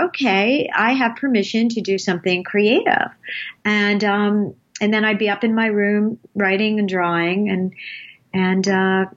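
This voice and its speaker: A woman's voice: mid-range voice, slightly rough, highs cut off. A woman in her late fifties, a guest in an interview, telling rambling stories and laughing often. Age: 50s. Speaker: guest, advertising creative. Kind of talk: casual interview storytelling.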